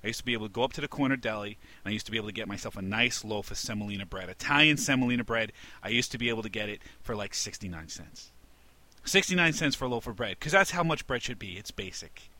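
A man's voice: fairly low pitch, expressive, quick pace, dry recording. Ranting New York man. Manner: exasperated, ranting, rising to indignant shouts. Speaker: podcast co-host. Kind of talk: comedic rant.

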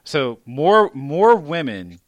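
A man's voice: a little high, big pitch swings, no echo. Jokey male podcast host, dry. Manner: jokey, quick interjections. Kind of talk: casual podcast chat.

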